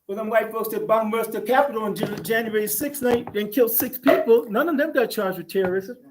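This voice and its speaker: A man's voice: high voice, brisk, echoey room, distant mic, noisy background. An older man giving an impassioned, fiery conference speech, calling out to the audience as sisters and brothers in a preacherly way. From United States. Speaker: conference speaker, activist.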